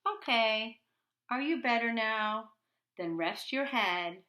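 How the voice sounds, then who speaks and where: A woman reading a bedtime picture book aloud to children, hushed and half-whispered, with playful loud bursts. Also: fairly high pitch, expressive, slow. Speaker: children's storybook reader.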